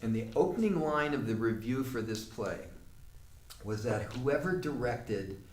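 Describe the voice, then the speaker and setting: A man tells a long theatre story, wandering off mid-sentence and cursing freely as he goes. His voice sits at an ordinary pitch. He sounds far from the mic in a roomy space, with faint ambience underneath. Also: lively intonation, unhurried, a little hiss or hum. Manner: rambling, profane, with frequent restarts. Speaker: actor telling a theatre story. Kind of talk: storytelling monologue.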